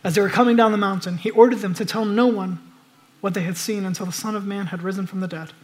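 A man preaching a sermon, moving between loud urgent exhortation and hushed, reflective passages. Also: high-pitched, fairly even intonation, fast. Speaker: pastor.

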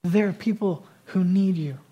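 A man preaching a sermon as pastor, swinging between emphatic loud declarations and quieter conversational asides. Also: high voice, normal speed, husky, highs cut off.

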